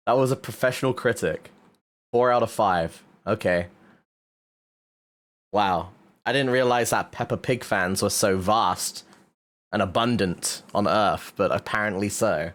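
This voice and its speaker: A man streaming and chatting casually, animated, swearing often and laughing a lot. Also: on the low side, takes it slowly, pauses often. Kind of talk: casual chat.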